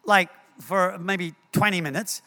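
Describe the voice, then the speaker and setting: A man preaching a sermon in a church, telling stories in an animated way and repeating words as he acts scenes out. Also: high-pitched, unhurried, a little hiss or hum. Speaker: pastor. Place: church hall. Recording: long hall reverb.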